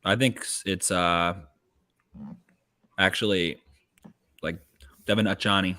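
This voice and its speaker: A man co-hosting a podcast, giving quick, profane football analysis in casual chat. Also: sits low, steady tone, noisy background. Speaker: podcast co-host. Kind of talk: casual draft-night chat.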